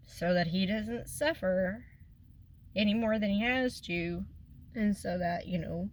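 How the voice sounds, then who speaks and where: A woman's voice: mid-range voice, measured pace. A woman, talking in a rambling, emotional way in a casual personal vlog, tearful at times. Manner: rambling and emotional, trails off and restarts. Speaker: vlogger.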